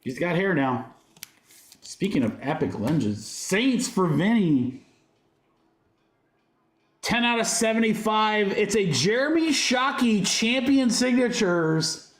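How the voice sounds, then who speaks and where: A high-voiced man gives live card-break commentary in an upbeat, joking patter. His voice rings in a roomy, echoing space. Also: sing-song, takes it slowly, pauses often. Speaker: host of a card-break livestream. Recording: roomy echo.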